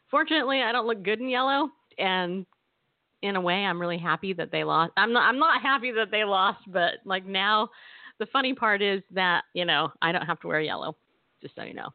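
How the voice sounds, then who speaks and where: A woman's voice: medium pitch, lively intonation, normal speed, no echo. A woman in her late forties hosting a live Christian radio show, chatting in a bubbly, giggly way with her listeners. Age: 40s. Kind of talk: casual chat. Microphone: phone or webcam on a live stream. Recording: tinny phone-like sound, dry.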